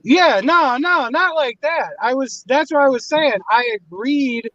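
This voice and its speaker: A man on a livestream panel speaking hesitantly, stammering and trying to smooth things over. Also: extremely high pitch, unhurried, sharp tone. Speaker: panel guest. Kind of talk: casual livestream panel talk. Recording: dry, muffled line.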